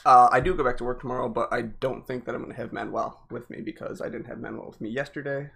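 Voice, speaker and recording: A man's voice: mid-range voice, steady tone, fast talker, vocal fry, a bit bright. A man with a Northeastern US accent chatting casually as a podcast co-host, rambling with many restarts and fillers. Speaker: podcast co-host, delivery driver. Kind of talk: casual chat.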